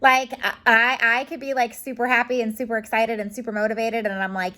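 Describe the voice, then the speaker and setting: A woman's voice: fairly high pitch, fairly even intonation, fast, hardly any pauses, sharp tone, a little hiss or hum. A woman in her thirties telling a personal story to camera at home, bubbly and chatty but emotional, with lots of "like" and restarts. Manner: bubbly, rambling, emotional, talks with her hands in words like "like". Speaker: home organizing vlogger. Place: home room with a curtain.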